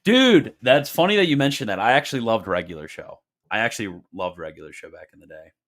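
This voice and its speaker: A man's voice: deep voice, a bit bright. A man casually hosting a livestream Q&A, reading viewer questions with wry, joking asides and frequent laughter.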